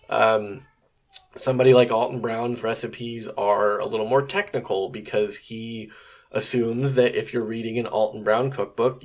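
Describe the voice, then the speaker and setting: A man's voice: fairly low pitch, vocal fry. A man hosting a podcast on his own, talking conversationally with frequent fillers and some mild swearing. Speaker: podcast host. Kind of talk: casual solo podcast monologue.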